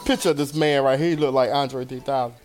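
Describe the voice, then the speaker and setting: A man's voice: mid-range voice, steady tone, quick pace, a little mellow, faint music behind. A man co-hosting a comedy podcast, reading out joke facts in casual banter. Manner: reads out items, playful. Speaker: podcast co-host.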